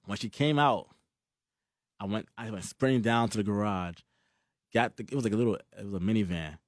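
Young man, animated storyteller with casual filler talk and laughs; dry, close recording. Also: fairly low pitch, a little fast, dry recording.

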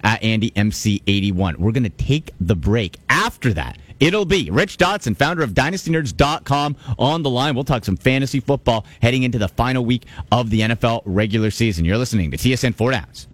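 A man's voice: medium pitch, animated, brisk, few pauses, no room sound. A man hosting a sports radio talk show, talking with emphatic energy and repeating himself for stress. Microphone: studio microphone.

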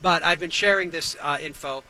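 A man's voice: on the high side, normal speed, low-quality recording. A man hosting a talk show, ranting sarcastically and riffing for laughs. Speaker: radio show host. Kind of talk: comedic talk-show rant.

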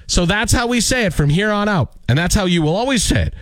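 A man's voice: high voice, lively intonation, quick pace, few pauses, a bit bright, no echo, studio quality. A male radio morning show host doing a mock-indignant, emphatic comic rant. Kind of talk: ranting comic radio segment.

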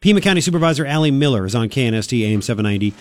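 Fast-talking male radio host. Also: mid-range voice, animated, no echo. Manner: quick, prompting questions, repeats himself. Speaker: radio talk show host. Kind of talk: talk radio interview. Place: radio studio.

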